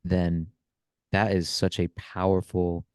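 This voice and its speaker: A man's voice: low-pitched, level tone, takes it slowly, a little mellow, dry recording, studio quality. A man hosting a podcast, talking earnestly and reflectively, often checking in with "right?". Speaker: podcast host. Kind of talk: reflective casual conversation.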